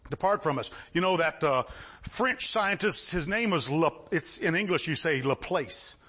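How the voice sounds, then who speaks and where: A man preaching a sermon, swinging between shouted lines and low asides. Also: expressive, moderate pace.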